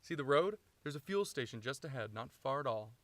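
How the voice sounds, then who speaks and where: A man's voice: medium pitch, lively intonation, fairly quick, fairly bright tone, dry recording, natural voice. A man reading the lines of a brash, impulsive young man at the wheel. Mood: upbeat.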